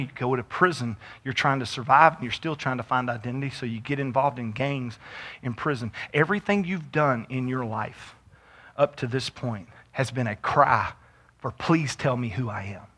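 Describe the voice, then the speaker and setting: A man preaching a sermon as pastor, moving from quiet storytelling to shouted exhortation. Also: medium pitch.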